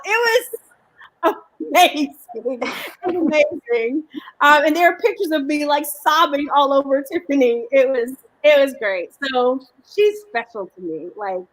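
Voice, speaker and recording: A woman's voice: high voice, a bit bright, low-quality recording. A woman author telling stories with animation and many restarts in a live video chat. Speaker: author guest.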